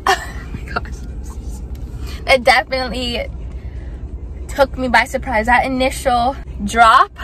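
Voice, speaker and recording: A woman in her twenties, hoarse from screaming, chatting excitedly in a casual vlog and laughing between thoughts. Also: on the high side, slight background noise. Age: 20s. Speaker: vlogger.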